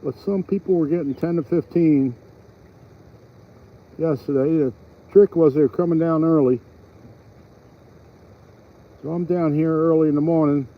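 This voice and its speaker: A man's voice: fairly high pitch, unhurried, pauses often, highs cut off. A man chatting casually on a fishing vlog by a pond, rambling with fillers. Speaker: fishing vlogger. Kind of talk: casual outdoor vlog narration. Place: outdoors by a pond.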